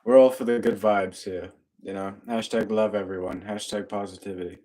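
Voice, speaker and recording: Low-voiced man, chatty live-streamer. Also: fairly even intonation, moderate pace, mellow. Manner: upbeat, laughs often, talks to his dogs. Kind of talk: casual live-stream chat reading comments.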